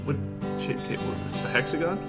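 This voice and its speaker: A man's voice: fast talker, loud music behind the voice. A man hosting a casual podcast around a table, hesitant and full of fillers. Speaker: podcast host. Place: gallery table with friends.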